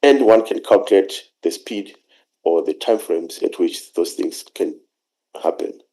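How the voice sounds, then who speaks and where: A man presenting an academic talk over a video call, speaking in a measured, halting way with frequent pauses and fillers. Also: low voice, lively intonation, dark tone, low-quality recording. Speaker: conference speaker.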